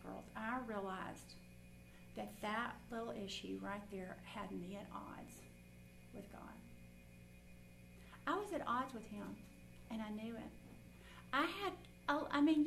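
A woman's voice: on the high side, animated, unhurried, gravelly, pauses often, a little hiss or hum, rough recording. A woman Bible teacher addressing women, telling a personal story in an earnest, folksy, conversational way, then reading Scripture and praying aloud.

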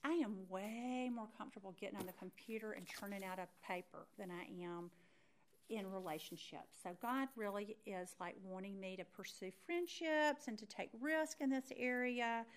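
A middle-aged woman teaching a Bible study through a personal story, animated and acting out her own thoughts as she tells it. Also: medium pitch, moderate pace, slight background noise.

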